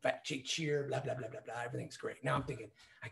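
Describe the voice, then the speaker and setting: An older man, a retired cop and umpire, co-hosting a podcast and telling profane, animated stories in casual chat. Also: mid-range voice, fast, noisy background. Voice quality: gravelly. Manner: profane, animated storyteller acting out quotes.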